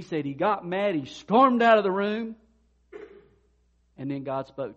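A man's voice: high-pitched, measured pace, pauses often, muffled recording. A man preaching a sermon in a conversational way, acting out the people in the stories he tells. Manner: conversational preaching with animated retold dialogue. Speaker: pastor.

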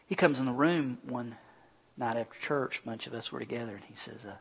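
Speaking briskly in a creaky, slightly rough mid-range voice, a middle-aged pastor preaches and recounts personal experiences, shifting between loud animation and quiet earnestness. The recording is of low quality.

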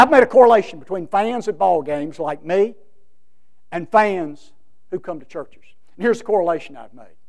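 Folksy high-voiced preacher. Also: male voice. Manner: folksy, emphatic preaching with acted quotes. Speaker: pastor. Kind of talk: sermon.

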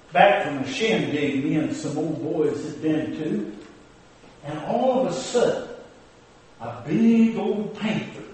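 A man's voice: fairly high pitch, fairly bright tone. A man delivering a comic preaching monologue as a folksy, drawling preacher character. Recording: echoey hall, distant mic.

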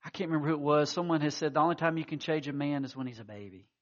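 A man's voice: on the high side, very fast, dull audio. A man preaching a sermon, telling stories with acted-out quotes and frequent restarts. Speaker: pastor.

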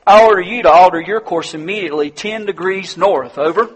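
A man voicing a calm young male private at a lighthouse, polite but firm. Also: sits high, brisk, breathy edge, big-room sound, pitched above the performer's own voice, low-quality recording. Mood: politely firm. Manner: politely insistent.

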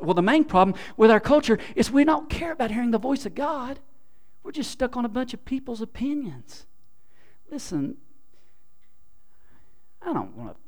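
Male pastor, high-pitched, sermon delivery with big swings between hushed and loud. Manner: swings from quiet muttering to loud exclaiming; repeats words, restarts phrases.

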